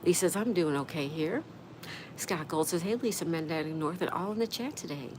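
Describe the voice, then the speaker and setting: A woman with a low, animated voice speaks briskly as she hosts a casual livestream, reading chat comments aloud in a friendly, chatty manner. Background noise can be heard.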